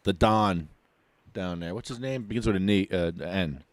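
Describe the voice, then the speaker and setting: A man's voice: low voice, moderate pace, no room sound. A man with a New Jersey accent co-hosting a podcast, asking a caller loose, friendly, rambling questions. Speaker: podcast co-host. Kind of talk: casual interview chat.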